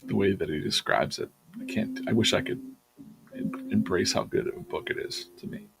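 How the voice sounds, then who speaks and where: A man with a lowish voice chats casually while he draws on a live stream. He meanders through a story, full of "um"s and "like"s, correcting himself as he goes. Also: expressive, normal speed, vocal fry. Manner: rambling storytelling with many fillers and self-corrections. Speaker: artist hosting a live drawing stream. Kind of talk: casual chat while drawing.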